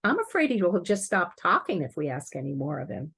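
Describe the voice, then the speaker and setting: A woman quoting a hesitant, protective mother who sighs and worries about her son, with a husky, creaky voice. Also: fairly low pitch, sing-song, a little fast, fairly bright tone, exaggerated voice. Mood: reluctant worry. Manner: sighing, reluctant.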